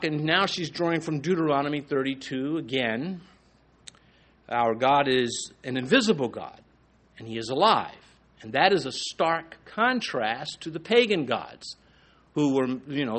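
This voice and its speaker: A man preaching a sermon, reading scripture slowly with rising emphasis and dropping to a soft, low voice for asides. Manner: slows and rises in pitch on quoted scripture. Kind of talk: expository sermon.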